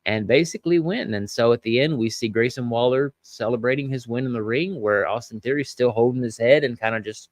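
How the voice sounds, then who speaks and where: A man's voice: medium pitch, fairly quick, hardly any pauses, no echo. A man hosting a podcast, casually recapping and commenting on a wrestling show, chatty with many fillers and reading out viewer comments. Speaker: podcast host reviewing wrestling.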